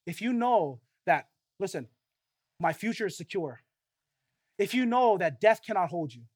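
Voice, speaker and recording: A man preaching a sermon, earnest and full of rhetorical questions, swinging between loud emphatic stretches and quiet, low passages. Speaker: pastor.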